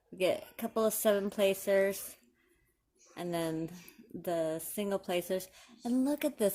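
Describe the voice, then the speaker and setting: A woman, chatting excitedly to viewers while unboxing craft supplies. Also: medium pitch. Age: 40s. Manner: gushing, excitable, talks to viewers. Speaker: crafting vlogger. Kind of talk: casual unboxing commentary.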